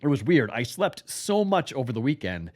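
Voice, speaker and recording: A man's voice: medium pitch, sing-song, moderate pace, darkish tone. A man with a congested, stuffy voice, hosting a sports betting podcast in a casual, rambling way and correcting himself as he goes. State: congested, recovering from illness.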